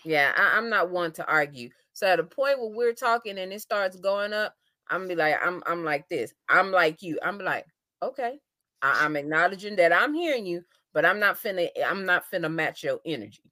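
A woman in casual podcast chat, explaining calmly and repeating words as she reasons. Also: on the low side, brisk, no room sound, clean studio sound.

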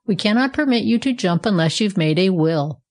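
A woman's voice: medium pitch, lively intonation, brisk, darkish tone, close to an everyday voice. A woman reading a storybook aloud, voicing a demanding, sneering male streetcar conductor. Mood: bossy.

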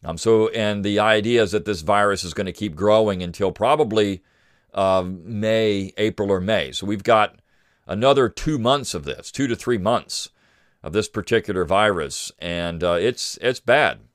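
A middle-aged man talks through his solo podcast in a deep voice. He rambles, restarts sentences and leans on fillers. The recording is dry and close, with no room sound. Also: moderate pace, dry recording. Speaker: podcast host. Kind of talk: casual solo commentary.

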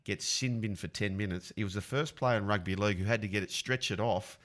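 A middle-aged Australian man, a former rugby league player, telling animated sporting stories in casual podcast chat. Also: fairly low pitch, brisk. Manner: animated yarn-spinner, acts out blows.

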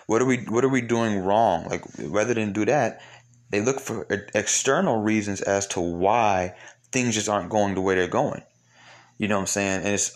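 A man's voice: lowish voice, moderate pace. A man giving a blunt, profane opinion monologue to his listeners, rambling and full of rhetorical questions. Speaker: commentator.

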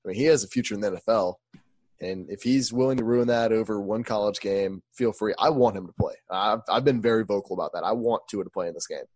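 A man's voice: lowish voice, fast, a little mellow, husky, no echo. A young man co-hosting a casual sports podcast, reacting with emphatic disbelief and strong opinions. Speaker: podcast co-host.

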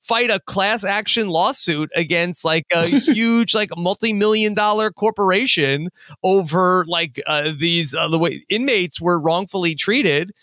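A man hosting a podcast in casual chat about a TV episode, relaxed and rambling, searching for his words. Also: sits high, unhurried, no echo. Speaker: podcast host.

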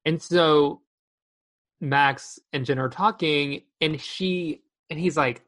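A young woman with a low voice co-hosts a casual podcast about a movie. She retells scenes in an animated way, slipping into the characters' lines as she goes. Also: takes it slowly. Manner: animated storytelling with acted-out quotes. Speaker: podcast co-host. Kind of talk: casual chat reviewing a movie.

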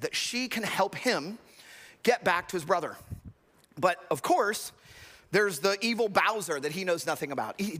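A man's voice: sits high, pushed and bright, long reverb tail. A man preaching a sermon, with earnest, emphatic storytelling. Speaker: pastor.

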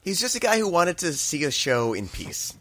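A man's voice: fairly high pitch, huge pitch swings, moderate pace, sharp tone, no room sound. A man co-hosting a podcast, dropping dry, teasing quips in casual chat. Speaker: podcast co-host.

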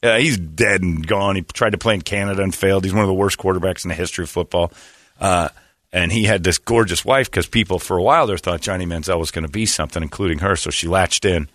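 A man from Indiana hosting a sports talk show, mocking and animated, slipping into put-on voices. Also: low voice, quick pace, no echo, clean studio sound. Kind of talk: casual sports banter.

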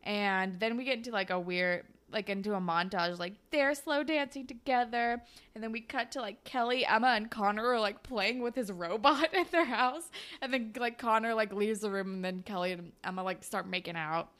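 A woman's voice: medium pitch, normal speed. A woman co-hosting a casual podcast, recapping an episode and acting out characters' lines. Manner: animated, acts out characters' lines in bursts. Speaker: podcast co-host.

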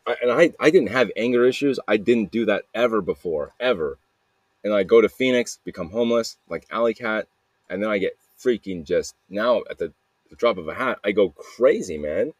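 Deep-voiced man rambling in a dry recording. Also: animated, normal speed, dry recording. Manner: rambling and repetitive, peppered with "man" and "dude", profane. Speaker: podcaster sending a voice message. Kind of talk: casual rambling confessional monologue.

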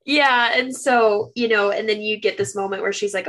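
A woman's voice: medium pitch, steady tone, moderate pace, fairly bright tone. A young woman co-hosting a casual book podcast, retelling scenes animatedly and acting out the lines she quotes. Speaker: podcast co-host. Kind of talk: casual chat.

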